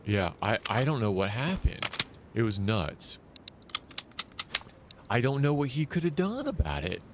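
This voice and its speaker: A man streaming a survival shooter live, talking loosely and excitedly as he plays, often restarting his sentences. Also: mid-range voice, measured pace, background noise. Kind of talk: live gameplay commentary.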